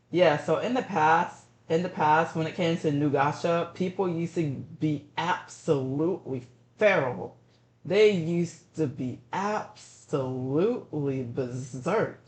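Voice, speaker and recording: A man streaming and chatting casually, ranting about rude messages and repeating himself. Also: roomy sound. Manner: ranting, repeats himself, animated pitch jumps.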